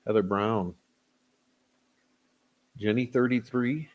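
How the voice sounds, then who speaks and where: A man's voice: on the low side, slow pace. A man hosting a casual livestream, greeting viewers by name and rambling loosely with chuckles and fillers. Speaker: livestream host. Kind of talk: casual livestream chat, reading chat names.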